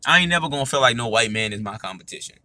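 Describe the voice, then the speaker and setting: Emphatic man with a bright voice. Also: medium pitch, expressive, very fast, slight background noise. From United States. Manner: emphatic, repeats "you know what I'm saying". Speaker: podcast host. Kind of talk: casual monologue.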